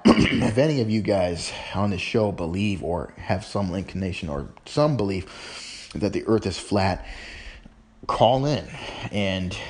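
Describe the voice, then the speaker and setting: A man's voice: sits low, darkish tone, husky. A man hosting his own home-made radio show, talking alone in a rambling, joking way and often correcting himself. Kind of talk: casual solo radio monologue.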